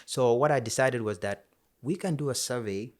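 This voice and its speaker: Male podcast guest from Africa; easygoing storyteller who animates quoted dialogue, mid-pitched voice. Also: normal speed, darkish tone. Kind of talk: casual storytelling chat.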